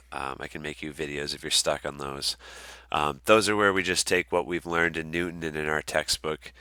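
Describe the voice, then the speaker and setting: A man teaching as an online course instructor in a casual walkthrough, relaxed with lots of ums and uhs. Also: a bass voice, clean tone, no echo. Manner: relaxed, many ums and uhs, friendly asides.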